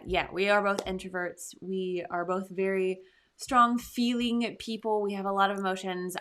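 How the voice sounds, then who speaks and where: Soft-spoken young woman, hesitant. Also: fairly low pitch. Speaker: YouTube channel co-host. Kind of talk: casual chat.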